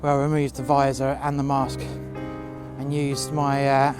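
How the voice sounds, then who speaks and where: A man telling a first-person story outdoors in the cold, halting with fillers and breaking into profane outbursts. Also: medium pitch, completely flat delivery, over music.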